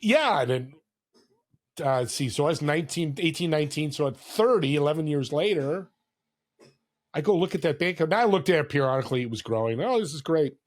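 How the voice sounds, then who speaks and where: A man's voice: on the high side, expressive, fairly quick. A man in his sixties, a podcast guest, telling stories in an earnest, heartfelt way, now and then acting out other people's lines. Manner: warm, earnest storyteller who acts out quoted voices. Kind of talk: casual storytelling interview.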